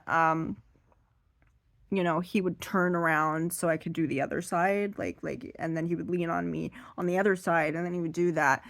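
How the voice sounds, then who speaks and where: A woman does seated stand-up comedy, rambling along in an animated way. Her voice sits low-ish, and the sound is dry and close. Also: creaky, dry recording.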